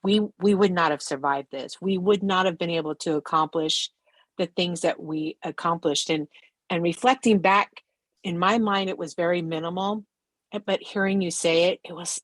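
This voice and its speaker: A woman's voice: fairly low pitch, normal speed, no echo. Emotional woman thanking on a video call. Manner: emotional, grateful. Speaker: award-winning business owner. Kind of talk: emotional thank-you speech.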